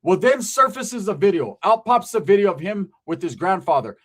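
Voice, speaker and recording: Speaking at normal speed, the commentary host's high voice stays very animated. He keeps the monologue conversational, often asking "right?", swearing, and correcting himself as he goes.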